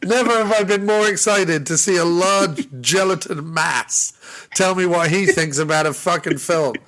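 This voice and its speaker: A man's voice: high voice, moderate pace, fairly bright tone, low-quality recording. A man co-hosting a casual movie podcast, riffing and swearing freely, laughing often. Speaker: podcast co-host. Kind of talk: casual chat.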